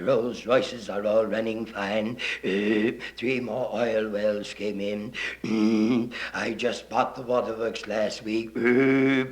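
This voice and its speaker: A man playing a wealthy, smug governor who mumbles his speech with many hesitations, in a 1950s live comic monologue. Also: fairly low pitch. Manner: mumbling, hesitant, full of ums. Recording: roomy live 1950s recording.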